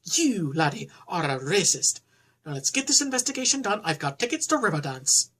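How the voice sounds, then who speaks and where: A woman's voice: fairly low pitch, sing-song, normal speed, a bit bright, slightly rough, full character voice. A woman putting on an indignant Irish brogue. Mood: mock-offended. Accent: put-on Irish. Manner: mock-offended, theatrical.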